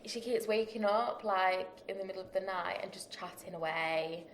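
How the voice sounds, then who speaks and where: A woman's voice: medium pitch, normal speed, a little hiss or hum. A woman co-hosting a podcast, chatting casually with many "like" fillers. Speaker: podcast co-host, therapist, parent. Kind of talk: casual chat. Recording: echoey room.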